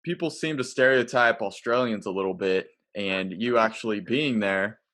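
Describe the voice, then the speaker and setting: A man hosting a podcast, talking in a relaxed, conversational way and asking his guest questions. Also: lowish voice, moderate pace. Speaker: podcast host. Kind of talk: casual interview chat.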